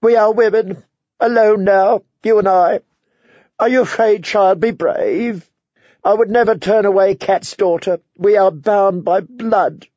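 A man voicing a bitter, self-pitying noblewoman who is sharp and suspicious, switching between wheedling and prying. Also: high voice, fairly even intonation, measured pace, no echo, lo-fi sound, voice pushed up. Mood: tearful pleading.

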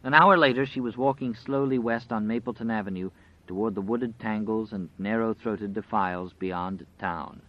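A man narrating an audiobook in a dramatic, measured storytelling style. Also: on the low side. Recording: dry, slightly dull audio.

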